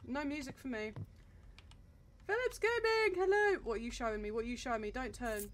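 A woman's voice: a little high, steady tone, very fast, a little hiss or hum. A young woman streaming a horror game, talking herself through it in a nervous, jumpy running commentary full of swearing.

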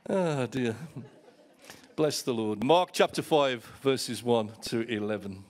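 A man's voice: medium pitch, expressive, slow pace, a little mellow. A middle-aged man preaching a sermon as pastor, telling stories and repeating words as he starts a thought.

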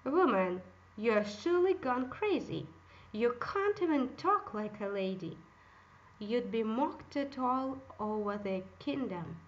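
A woman's voice: a little high, animated, takes it slowly, dull audio. A woman voicing a meek, timid old fisherman who pleads humbly. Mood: alarmed.

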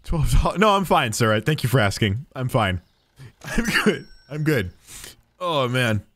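A man's voice: medium pitch, sing-song, a little slow, fairly bright tone, no echo, clean studio sound. A man streaming a game, chatting playfully with in-game customers as if he were a cheerful cashier. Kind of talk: casual gameplay commentary.

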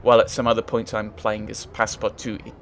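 A man's voice: on the low side, completely flat delivery, fast, a little hiss or hum. Hesitant man reading a game aloud. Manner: thinks aloud, hesitant, restarts often. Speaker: let's play gamer. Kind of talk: casual let's play commentary, reading game text aloud.

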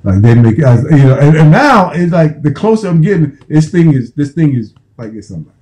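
Man in his fifties, american, former football player, casual profane storytelling, very dark voice. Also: mid-range voice, sing-song, normal speed, low-quality recording. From United States. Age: 50s. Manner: profane, repetitive, restarting phrases.

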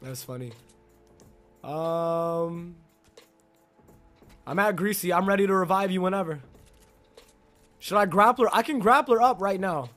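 A young man live-streaming a game, chatting excitedly with his viewers and teammate, greeting people by name in slangy talk. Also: sits high, a little slow, long pauses, faint music behind. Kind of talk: live gameplay commentary.

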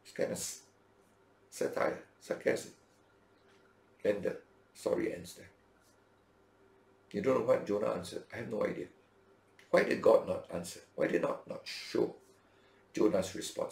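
A man preaching a sermon as pastor, telling the story in a lively way and acting out the dialogue with big leaps in pitch. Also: unhurried, creaky, long pauses, echoey room.

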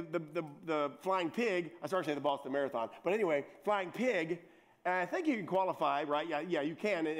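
A middle-aged man, a pastor preaching a sermon, teasing his congregation with joking asides and repeating words as he gets going. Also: high voice. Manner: repeats words and restarts when excited.

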